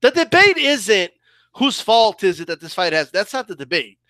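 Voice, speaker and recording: A man's voice: high-pitched, very animated, moderate pace, bright, forceful tone, dry recording. A man giving a heated boxing opinion rant as a commentator, fired up and repeatedly asking "okay?" and "right?".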